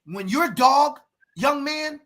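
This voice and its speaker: A man who coaches youth football, telling stories and lecturing parents on a podcast, emphatic and preachy, now and then breaking into shouts. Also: very high-pitched, lively intonation, slow pace. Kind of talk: animated podcast storytelling.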